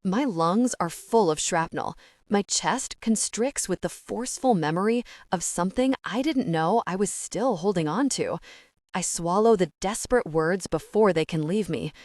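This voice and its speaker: A woman's voice: lowish voice, animated, moderate pace, darkish tone, dry recording. A woman narrating a first-person romance audiobook with an intense, brooding delivery, close to the mic.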